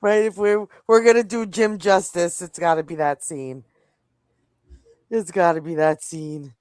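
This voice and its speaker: A woman's voice: on the low side, fairly even intonation, a little slow, a little mellow, dry recording. A woman hosting a casual live theory chat, eager and repeating herself as she gathers her thoughts. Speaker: podcast host.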